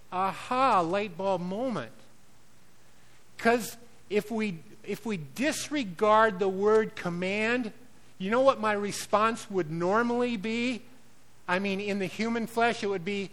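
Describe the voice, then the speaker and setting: A man preaching a sermon as pastor, swinging between loud declarations and quiet, conversational asides. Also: high-pitched, poor audio.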